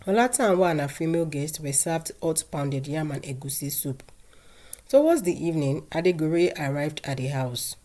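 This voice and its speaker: Low, dark-voiced storyteller woman. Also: expressive, normal speed. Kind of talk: scripted narration.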